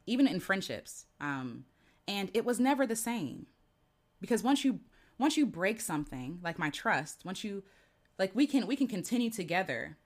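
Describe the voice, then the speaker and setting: A woman giving a heartfelt, earnest personal talk, speaking gently and often checking in with "right?". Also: lowish voice. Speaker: host.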